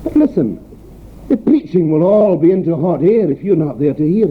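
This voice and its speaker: An older Scottish preacher delivers an earnest sermon, his voice lively and swinging in pitch as he presses rhetorical questions. He mixes plain, homely stories into the preaching. The sound is thin and phone-like, with a faint hiss underneath. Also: normal speed. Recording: tinny phone-like recording with faint background noise.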